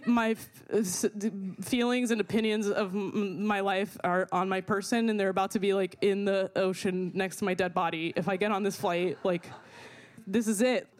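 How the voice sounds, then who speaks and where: A young woman telling a personal story in an animated way, full of fillers and swearing, often laughing as she talks. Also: medium pitch, moderate pace. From not from America.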